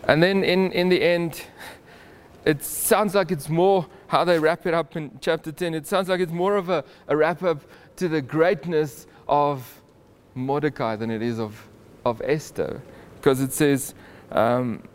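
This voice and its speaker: A man retells a Bible story in an informal, animated way, chuckling now and then and often restarting his sentences. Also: fairly high pitch, unhurried, clear, resonant tone. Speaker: Bible teacher.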